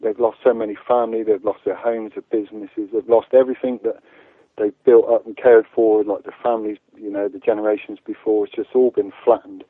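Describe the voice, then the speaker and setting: A man speaks over a tinny, phone-like line in a fairly low voice that sounds dry and close. He talks earnestly as an activist guest, stumbling over his words and repeating them as he goes. The line is thin and narrow. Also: little pitch movement, dry recording. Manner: halting, repeats words often. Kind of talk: earnest interview answers.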